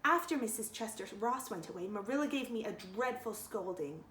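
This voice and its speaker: A woman's voice: a little high, expressive, normal speed, fairly bright tone, a little hiss or hum. A woman voicing a dreamy, dramatic young girl who chatters theatrically. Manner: breathless, theatrical storytelling. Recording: roomy echo.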